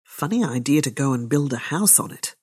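A woman podcast host reading a novel aloud, measured and unhurried, with her own commentary. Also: extremely low pitch, lively intonation, darkish tone, breathy edge.

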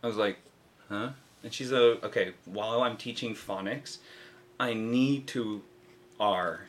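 A man's voice: fairly low pitch, unhurried. A man from South Africa whose accent has drifted toward American, chatting casually as a podcast host and laughing easily. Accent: American-tinged South African. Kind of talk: casual chat.

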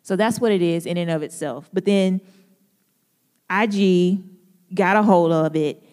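A young woman with a fairly low, unhurried, slightly mellow voice speaks at a church gathering in an echoey hall with long reverb. She opens with prayer, then moves into a casual, relatable devotional talk packed with jokes and laughter.

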